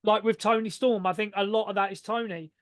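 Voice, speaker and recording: High-voiced man, swearing. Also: a little fast, no room sound, studio quality. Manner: animated, swears freely, lots of fillers. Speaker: podcast co-host. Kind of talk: casual chat.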